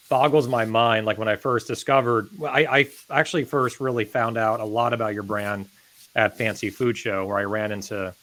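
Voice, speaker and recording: A man's voice: lowish voice, a bit bright, poor audio. Enthusiastic man hosting a podcast. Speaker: podcast co-host. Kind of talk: casual interview hosting.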